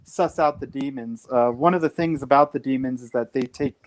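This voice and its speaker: A man with a middling voice, calm and easygoing as he lays out details of his own comic. He speaks over a video call in a relaxed, explanatory manner. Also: medium pitch, brisk. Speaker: comic creator guest. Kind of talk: casual chat.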